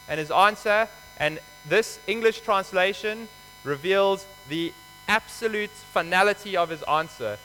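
A man's voice: high-pitched, normal speed, bright, forceful tone. A man preaching a sermon, explaining scripture in a conversational, emphatic way. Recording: hall reverb with faint mains hum.

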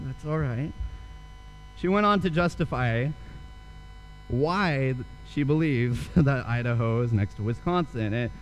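A man's voice: fairly high pitch, a little hiss or hum, rough recording. A young man preaching a sermon, telling a story and then asking earnest rhetorical questions. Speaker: pastor.

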